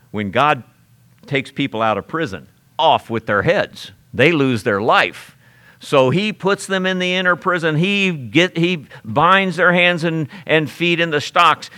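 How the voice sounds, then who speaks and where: A man preaching an expository sermon, telling the story in an animated way and briefly acting out the characters. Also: medium pitch.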